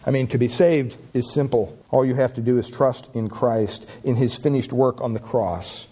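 A man preaching a sermon with passion, reading scripture aloud and rising in pitch and volume on key lines. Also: fairly even intonation, moderate pace, few pauses, breathy edge. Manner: impassioned preaching, swells louder and higher on key lines.

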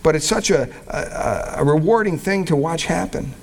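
Higher-voiced man preaching a casual sermon. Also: animated, darkish tone. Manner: conversational, with frequent restarts and fillers; reads scripture slowly and deliberately. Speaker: pastor. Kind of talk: expository sermon.

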